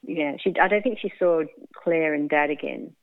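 On a tinny, phone-like line with a dry sound and no echo, a woman with a low voice and vocal fry speaks at a moderate pace. She's a guest on a radio interview telling a personal story, candid and laughing often as she acts out what people said.

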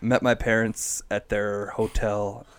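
A man's voice: on the low side, level tone, takes it slowly, smooth, no echo. Laid-back man telling a rambling story. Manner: rambling storyteller, laughs often. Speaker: podcast co-host. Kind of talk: casual chat over beer tasting.

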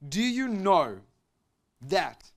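Male pastor, somewhat high voice, lively sermon delivery that jumps from loud to hushed, quick laughs between lines. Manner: animated, swinging from loud exclamations to soft confiding tones; laughs often between phrases.

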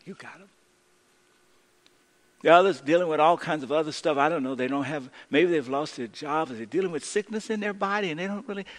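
A man preaching a sermon as pastor, swinging from loud, urgent lines to hushed, slow ones. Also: on the high side, big-room sound.

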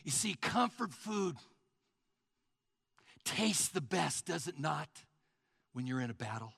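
A man preaching a sermon, telling a story in a folksy, animated way and calling his listeners folks. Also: fairly high pitch, takes it slowly, vocal fry, husky, no echo, clean studio sound.

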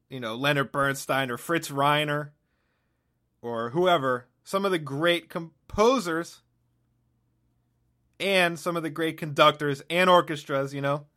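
Bright-voiced, sardonic male podcaster. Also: on the high side. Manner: rambling, sardonic, self-interrupting. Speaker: podcast host. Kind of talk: solo comic monologue.

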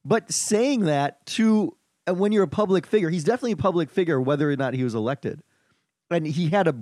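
A man's voice: a little high, a little fast, no room sound, clean studio sound. A man hosting a podcast chat, arguing his point and moderating the discussion. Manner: animated, argumentative, moderating. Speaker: podcast host.

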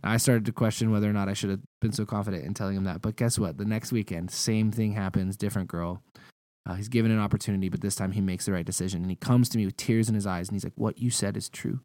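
A man's voice: fairly low pitch, fairly even intonation, fast talker, dark tone, dry recording. A young man preaching a sermon in a casual, conversational way, telling personal stories.

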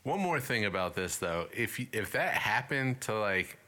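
Man, podcast co-host, casual banter, very animated pitch, bright tone, teasing. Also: normal speed. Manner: teasing, laughing, swearing. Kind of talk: casual chat.

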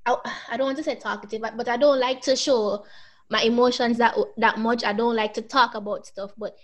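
Tearful high-voiced young woman. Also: fairly even intonation. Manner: halting, emotional, many restarts. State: tearful, close to crying. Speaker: podcast co-host. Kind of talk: casual podcast chat.

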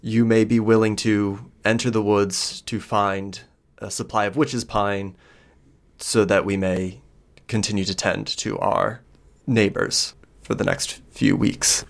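Man plays elderly village healer woman, courteous and halting, low and creaky. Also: little pitch movement. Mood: earnest. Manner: polite, hesitant requests.

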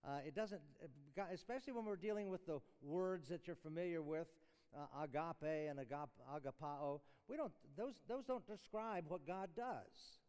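A man's voice: fairly high pitch, moderate pace, a little mellow, clean tone. A man giving a chapel sermon, teaching conversationally and asking the room rhetorical questions. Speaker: chapel speaker. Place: large chapel. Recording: long hall reverb.

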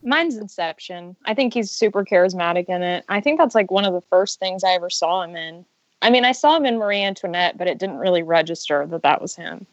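Low-voiced woman, matter-of-fact. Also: expressive, a little fast, no echo, lo-fi sound. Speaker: podcast panelist. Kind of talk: casual chat.

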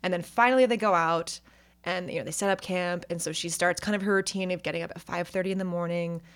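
A woman with a fairly low voice tells a story in a relaxed chat. She talks animatedly and slips into quick acted-out voices for the people in it. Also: clean tone. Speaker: podcast co-host telling a story. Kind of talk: casual chat.

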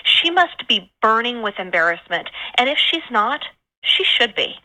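A woman's voice: fairly high pitch, sing-song, a little slow, poor audio. A woman sending a phone voice memo, delivering a mock-serious takedown in a newscaster-like manner.

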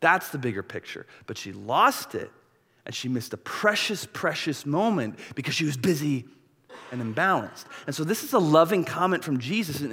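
A man's voice: medium pitch, lively intonation, fairly quick, fairly bright tone, husky. A man in his thirties preaching a sermon, acting out biblical characters in changing voices. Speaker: pastor. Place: church. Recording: long reverb of a church hall.

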